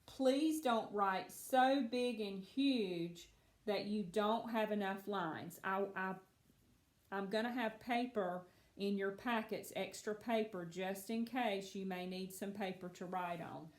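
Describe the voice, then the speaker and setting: A woman teaching a phonics lesson to children, patient and encouraging, speaking slowly and clearly. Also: mid-range voice, echoey room.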